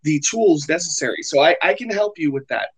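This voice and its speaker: A man hosting an online group call, talking casually in halting bursts with many repeated words, his voice worn after illness. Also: on the high side, animated, breathy edge, poor audio. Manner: halting, repeats words, offers help eagerly. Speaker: host. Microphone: computer mic on an online call.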